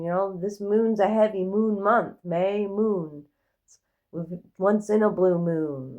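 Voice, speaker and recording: A woman giving a casual, rambling tarot reading in a gentle, affirming way. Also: mid-range voice. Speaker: tarot reader.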